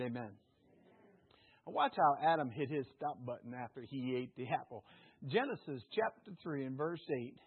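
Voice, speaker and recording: A man preaching a sermon with call-and-response, jokes and an earnest, hushed prayer. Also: medium pitch, moderate pace, slightly rough. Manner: call-and-response, jokey and lively. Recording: tinny phone-like lo-fi sound.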